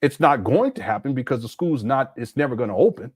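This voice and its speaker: A man's voice: medium pitch, animated, fast talker, slightly rough, dry recording, clean studio sound. A middle-aged man from Southern California commenting on a video clip in a casual, incredulous, mocking way. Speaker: commentary channel host.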